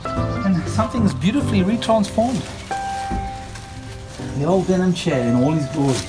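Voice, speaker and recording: Male vlogger, South African accent, playful and chatty, slightly higher voice, loud music underneath. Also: animated, normal speed. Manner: playful, chatty, jokey asides to viewers. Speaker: vlogger host. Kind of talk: casual vlog narration.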